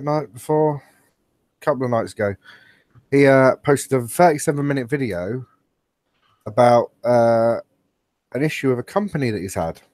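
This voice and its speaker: Joking and laughing often, a man co-hosts a podcast from home via an online call, his rambling stories delivered in a mid-range voice. The casual conversation is recorded with no echo.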